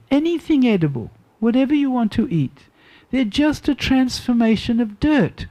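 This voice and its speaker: A woman's voice: a little high, warm tone, pitched above the performer's own voice. A woman doing a pleading little boy. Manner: pleading, arguing in quick rising questions.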